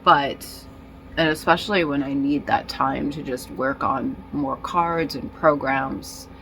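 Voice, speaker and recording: A woman talking in a casual personal vlog, rambling and halting with many fillers and restarts, in nicotine withdrawal and feeling disoriented. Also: extremely low pitch, fairly even intonation, fairly bright tone, slight background noise, low-quality recording. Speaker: vlogger.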